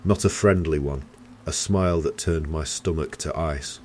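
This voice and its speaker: A man narrating a first-person horror story in a steady, tense storytelling manner. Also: very deep voice, moderate pace.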